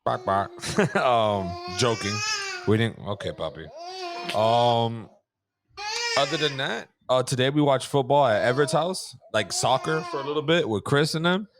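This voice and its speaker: Storytelling young dad, casual and profane. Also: male voice, mid-range voice, normal speed, noisy background. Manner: storytelling, profane, laughing easily. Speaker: podcast co-host. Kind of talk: casual chat.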